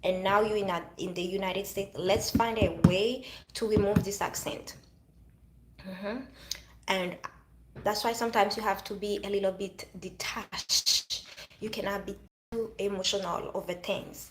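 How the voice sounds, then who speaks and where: A woman's voice: mid-range voice, fairly even intonation, normal speed, roomy sound, slight background noise, rough recording. A woman with a French accent speaking earnestly in a casual motivational monologue, often restarting her phrases. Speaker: vlogger.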